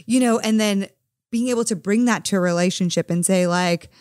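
A woman's voice: mid-range voice, fairly quick, a little mellow, dry recording, clean studio sound. A woman hosting a faith-based podcast, chatting enthusiastically and affirming her guests with frequent laughs. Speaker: podcast host.

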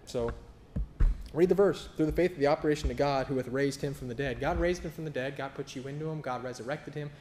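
A man's voice: medium pitch, quick pace, darkish tone, reverberant, a little hiss or hum. A man preaching a sermon in a casual, sarcastic, flippant way, acting out other people's voices as he tells stories. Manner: acts out quoted voices in storytelling. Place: church.

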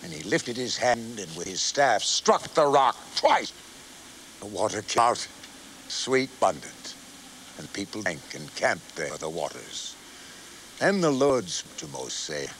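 A man narrating a scripture story in an expressive, archaic reading style. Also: on the low side, measured pace, a little hiss or hum, poor audio.

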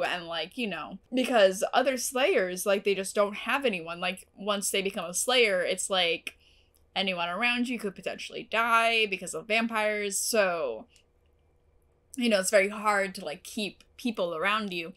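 A woman's voice: mid-range voice, normal speed, fairly bright tone. A young woman casually reviewing a TV episode. She gushes, swears freely and fills her talk with "like". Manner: gushing and emotional, swears, many "like" fillers.

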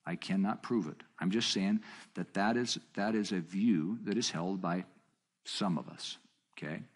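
Husky-voiced man teaching a marriage seminar. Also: unhurried. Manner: conversational, storytelling with quoted dialogue; animated, jumps up in pitch for emphasis.

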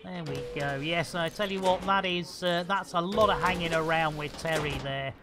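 A woman's voice: on the low side, normal speed, over music. A woman streaming a space game live, chatting to herself in a jokey way full of playful slang and muttered asides. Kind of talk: live gameplay commentary.

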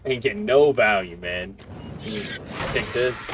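With game music in the background, a man streams gameplay and talks casually, taunting and joking at the other players. His voice is lowish and a little slow.

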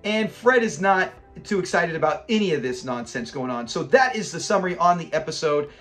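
A man's voice: fairly high pitch, expressive, a little fast, fairly bright tone, soft background music. A man hosting a casual episode breakdown of an old sitcom. He chats along, laughs often and retells scenes. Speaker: host of a classic TV review channel.

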